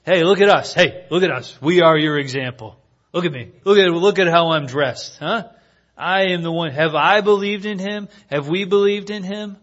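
A sneering, indignant Pharisee, as a preacher acts him out, his voice pushed high and loud with mocking exasperation. He scoffs at anyone who would doubt him. The recording is dull and lo-fi. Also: normal speed. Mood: indignant scornful. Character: indignant, scornful male Pharisee leaders.

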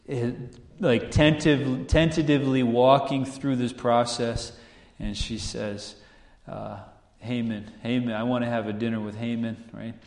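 Pastor, man, animated storyteller with rhetorical questions, roomy church sound. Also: medium pitch. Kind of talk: sermon. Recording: echoey room.

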